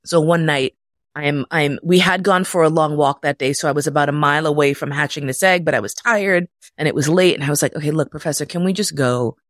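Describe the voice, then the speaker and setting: A middle-aged woman casually telling a personal story, animated and profane, jumping into high voices when quoting. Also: brisk, no echo, clean studio sound.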